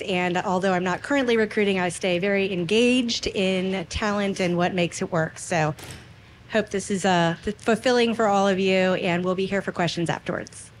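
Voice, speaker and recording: Woman, middle-aged, recruiter, playful panel talk, mid pitch, slight background hiss. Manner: playful, upbeat. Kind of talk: conference panel chat. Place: conference room.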